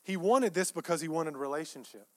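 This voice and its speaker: Male pastor, high tenor, emphatic repetitive sermon delivery with soft-to-loud swings. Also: lively intonation, fast talker. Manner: emphatic, repeats phrases, swings between soft asides and loud peaks.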